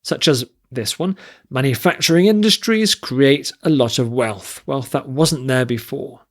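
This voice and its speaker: A man teaching an English vocabulary lesson, listing word forms and reading example sentences carefully. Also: medium pitch. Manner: slow, deliberate, spells out word forms and stress.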